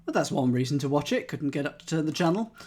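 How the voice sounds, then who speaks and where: A man's voice: fairly high pitch, lively intonation, fast talker, darkish tone. A man streaming, thinking aloud as he solves a crossword and chats with his live chat, methodically trying out letters and words.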